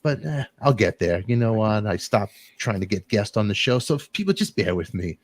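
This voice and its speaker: A middle-aged man hosting a talk show, rambling through animated, emotional storytelling and quoting friends. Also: lowish voice, moderate pace, no echo. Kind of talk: emotional casual chat.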